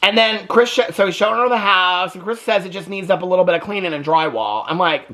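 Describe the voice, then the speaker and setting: Sassy guy dishing on a reality show, talks super fast, keeps saying okay. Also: high voice, lively intonation, bright, forceful tone. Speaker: TV reaction vlogger. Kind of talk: casual TV recap commentary.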